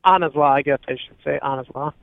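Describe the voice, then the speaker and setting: A man from Michigan calls in to a radio show, speaking quickly in a high, clear voice. His call comes through a dull, lo-fi phone line. He keeps it friendly and brief. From Michigan, USA. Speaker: caller.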